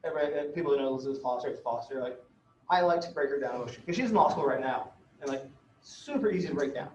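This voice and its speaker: A man's voice: mid-range voice, animated, rapid-fire, a little hiss or hum. A man giving a casual law lecture, telling stories full of fillers and mild swearing, and often checking in with his students. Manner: chatty, filler-heavy, swears, checks in with "right?". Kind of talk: casual classroom lecture with anecdotes. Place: classroom. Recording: echoey, dull lecture-room recording.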